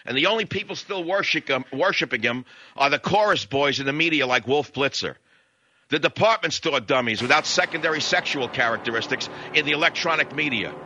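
A man's voice: fairly high pitch, brisk, pushed and bright, highs cut off. A man hosting a talk radio show, ranting in a combative, sneering way and throwing insults.

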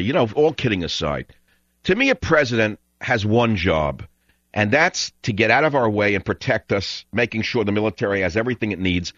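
A man hosting a talk radio show, ranting in an animated way and breaking into loud shouting. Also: on the low side, no echo. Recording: dull lo-fi radio broadcast.

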